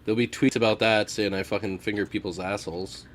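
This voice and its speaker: A man co-hosting a casual livestream, deadpan and crude as he ribs his partner. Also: lowish voice, quick pace, a crowd in the background. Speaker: livestream co-host.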